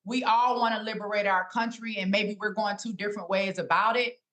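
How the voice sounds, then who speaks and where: A woman's voice: medium pitch, fairly even intonation, brisk, crowd noise. A woman in a played clip talking politics in an earnest, rallying way. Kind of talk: casual political talk.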